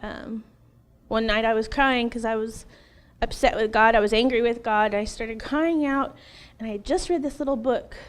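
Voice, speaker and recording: A middle-aged woman in an interview, telling her personal testimony in an emotional, animated way, laughing often and acting out what she once said. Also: a little high, moderate pace. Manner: animated, laughs often, acts out her own past words.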